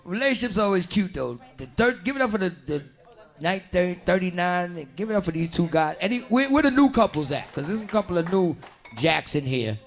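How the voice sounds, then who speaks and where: A man doing stand-up comedy, bantering loudly and profanely with the audience in a club. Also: high voice, very animated, brisk. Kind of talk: stand-up crowd work.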